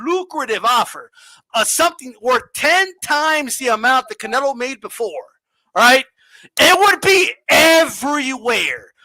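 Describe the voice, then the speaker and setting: A man's voice: extremely high pitch, sharp tone, no room sound, rough recording. A man hosting a boxing podcast, ranting with lots of profanity, often raising his voice and mocking people. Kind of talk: heated uncensored podcast rant.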